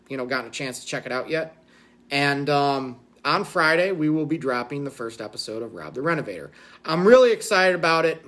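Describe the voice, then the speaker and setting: A man's voice: on the high side, a bit bright. A man hosting a casual livestream, rambling and self-deprecating, with lots of fillers. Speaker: channel host.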